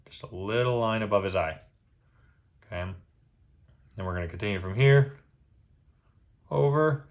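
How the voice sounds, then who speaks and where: A man with a fairly low voice walks the viewer through a drawing tutorial one line at a time. He stays patient and relaxed, often pausing to ask "okay?" before moving on. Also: vocal fry. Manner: patient, checks in with "okay?" after each step. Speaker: drawing instructor.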